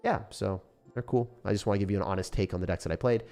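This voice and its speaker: A young man giving rambling, casual commentary on his gameplay, excitable and sometimes swearing. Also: on the low side, quick pace, gravelly, faint music behind. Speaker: gaming YouTuber.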